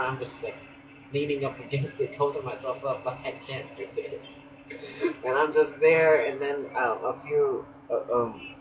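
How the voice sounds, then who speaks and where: A young man, a beauty school student, telling a rambling story in a casual vlog, laughing often and restarting sentences. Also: mid-range voice. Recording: muffled lo-fi audio with background noise.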